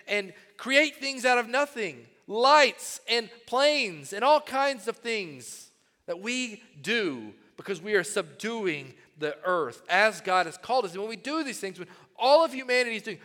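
A man with a high, bright voice preaches a sermon in a church, moving between loud emphatic bursts and quiet, intimate phrases. His voice rings with a long reverb from the hall around him. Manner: animated preaching, swings from loud to hushed. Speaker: pastor.

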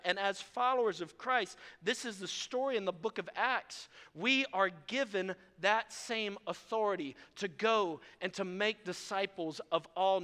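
Male pastor, high clear voice with a bright edge, preaching from a church stage, lively and self-mocking, reverberant sanctuary sound. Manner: animated storytelling preacher, self-deprecating. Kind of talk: sermon. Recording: long reverb of a large hall.

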